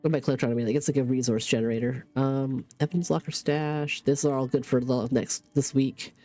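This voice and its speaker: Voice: medium pitch, steady tone, fairly quick, mellow, faint music behind. A livestreamer with a stuffy nose from a cold, chatting casually while playing a game and talking through each in-game task aloud. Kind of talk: casual gaming stream chat.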